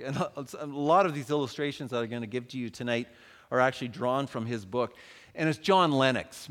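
A man giving a humorous, conversational talk on faith at a church event, animated and joking with the audience. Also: mid-range voice. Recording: reverberant hall.

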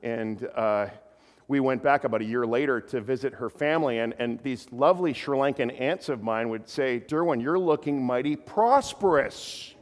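A male pastor preaching a sermon in a relaxed, conversational way, with stumbling repetitions and chuckling asides. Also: medium pitch, moderate pace. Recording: long hall reverb.

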